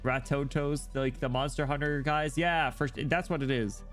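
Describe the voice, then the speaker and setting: Brief: male streamer, mid-pitched, casual and jokey, quick asides, faint music underneath. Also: steady tone, a bit bright. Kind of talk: casual live-stream story reading.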